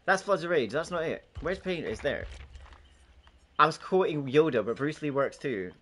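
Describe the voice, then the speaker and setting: A man's voice: a little high, lively intonation, normal speed, fairly bright tone. A man casually chatting on a gaming live stream, joking, swearing and laughing often as he banters with friends and chat.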